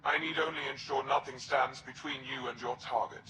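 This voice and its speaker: An actor playing a scheming alien traitor who speaks in a solemn, measured way. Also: male voice, mid-range voice, steady tone, noisy background, lightly acted. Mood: cold solemn. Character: scheming alien Kett traitor, cold and formal. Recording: echoey game audio over loud music.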